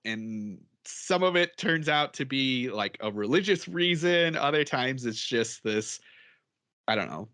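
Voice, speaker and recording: A man's voice: medium pitch, bright, forceful tone. A man co-hosting a podcast in casual chat, rambling and chatty and laughing often as he talks. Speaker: podcast co-host.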